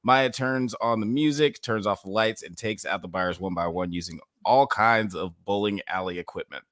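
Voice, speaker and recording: Male podcast host, lowish bright voice, dry close sound, leads the chat. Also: moderate pace, dry recording. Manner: leads the discussion with recaps and questions. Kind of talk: casual chat.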